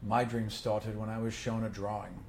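A man voicing a stoic, intense god king in a tabletop game, with a grave and measured delivery. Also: fairly low pitch, little pitch movement, creaky, a little hiss or hum, pitched below the performer's own voice. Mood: somber.

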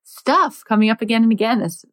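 A woman's voice: a little high, fairly quick. A woman hosting a podcast, chatting in a casual way and reflecting on what her guest says. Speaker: podcast host. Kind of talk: casual interview chat.

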